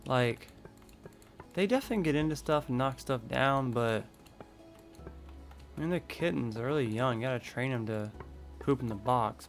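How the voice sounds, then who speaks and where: A man live-streaming a building game, thinking aloud in a rambling, casual way. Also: mid-range voice.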